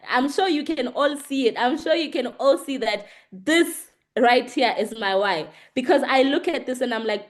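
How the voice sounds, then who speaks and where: A woman giving an energetic business presentation to an audience, telling her story in short, repeated, emphatic sentences. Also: high voice, normal speed. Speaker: guest speaker.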